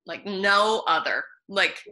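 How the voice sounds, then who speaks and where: A woman nutritionist talking in a casual interview, bubbly and animated, laughing often between thoughts. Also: medium pitch, slow pace.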